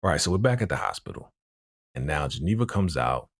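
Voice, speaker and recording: A man's voice: extremely low pitch, very animated, brisk, slightly rough, no room sound, clean studio sound. A man giving a casual recap of a TV episode, retelling scenes through quoted dialogue and speaking out plainly about what he dislikes. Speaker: TV recap vlogger.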